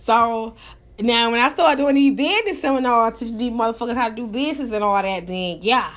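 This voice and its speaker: A woman with a fairly high voice hosts her own live talk show. She chats loosely and animatedly, spilling gossip with plenty of profanity. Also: a little fast, fairly bright tone. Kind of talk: casual chat.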